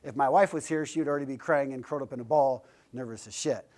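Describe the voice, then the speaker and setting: A man's voice: mid-range voice, fast talker, darkish tone. A man giving a casual, joking motivational talk as a guest speaker to a class, blunt and a little profane. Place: classroom lecture.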